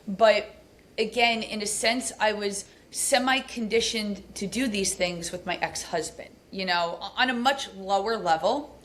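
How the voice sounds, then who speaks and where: A woman's voice: fairly bright tone, slight background noise. A woman guest on a podcast, candidly recounting a painful personal story with many fillers, her voice climbing when the memory gets heated. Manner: rushed, candid, many fillers, pitch rising as she relives anger.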